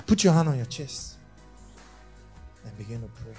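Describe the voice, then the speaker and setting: Male pastor, sermon, animated pitch, bursts and hushes. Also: a little fast, long pauses, soft background music. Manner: preaching with sudden shouts and hushed drops.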